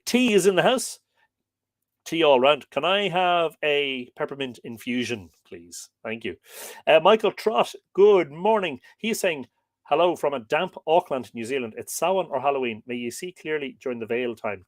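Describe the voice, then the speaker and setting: A mid-range male voice with no echo belongs to an Irish livestream host who alternates between reading a history book aloud and chatting with viewers' comments in a meandering, talkative style.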